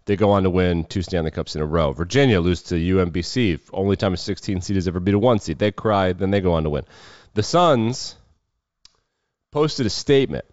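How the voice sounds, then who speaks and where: Low-voiced guy doing sports talk, dry dull lo-fi sound, kinda sardonic. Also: lively intonation, a little fast, darkish tone, no echo. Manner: off-the-cuff, wry and sardonic. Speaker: sports show host. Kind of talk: casual sports commentary.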